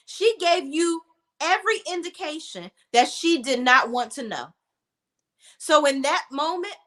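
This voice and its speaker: Brief: emphatic, profane woman commentator, high, animated voice. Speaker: reality TV commentator. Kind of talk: casual commentary.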